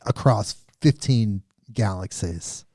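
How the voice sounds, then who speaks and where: A man's voice: lowish voice, lively intonation, slow, mellow, no room sound, clean studio sound. A man hosting a podcast, chatting in a laid-back, rambling, joking way. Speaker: podcast host. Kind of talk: casual chat.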